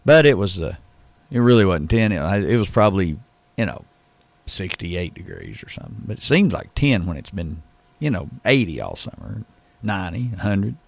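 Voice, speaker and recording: A man's voice: sits low, big pitch swings, moderate pace, gravelly, no room sound. A man hosting a live radio talk show, rambling and joking in a casual, self-deprecating way. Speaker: radio host. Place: radio studio.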